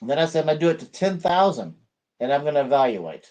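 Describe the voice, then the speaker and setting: A man's voice: fairly high pitch, very animated, fast talker, darkish tone. A man hosting his own video channel, talking in a chatty, upbeat way with plenty of fillers. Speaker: channel host. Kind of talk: casual vlog chat.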